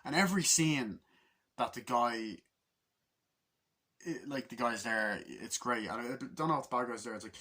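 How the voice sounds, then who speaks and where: A man's voice: mid-range voice, moderate pace, a bit bright. A man giving a casual, rambling movie review, swearing constantly and acting out scenes in quoted voices.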